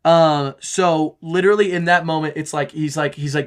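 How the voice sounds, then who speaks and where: A man hosting a podcast, excitedly recapping a story in a rambling way with lots of "like". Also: on the high side, normal speed. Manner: animated, rambling, heavy use of "like". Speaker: podcast host.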